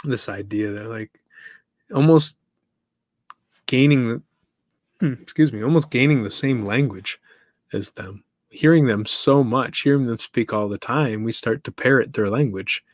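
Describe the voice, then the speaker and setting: A man of middle pitch muses aloud as the host of his own podcast, chatting on his own and turning questions back to the listener. He laughs easily, and his voice sits close and dry with no room around it. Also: unhurried, pauses often, dry recording. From East Africa. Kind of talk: casual solo monologue.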